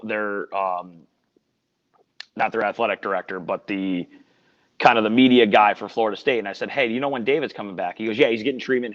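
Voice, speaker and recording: A man working as a sports radio reporter, telling a story in a casual podcast chat, earnest and rambling with frequent restarts. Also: medium pitch. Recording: dull lo-fi audio with long reverb.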